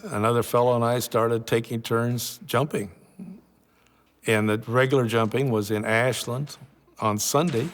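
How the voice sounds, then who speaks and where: An older man recounting memories in a plain, unhurried way for a documentary interview. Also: on the low side, in a large hall.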